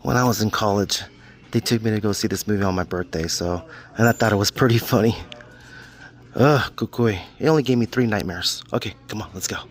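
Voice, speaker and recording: A man's voice: lowish voice, fairly quick. A middle-aged man, casually vlogging his way through a video rental store and joking about himself in the third person. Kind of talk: casual vlog walkthrough.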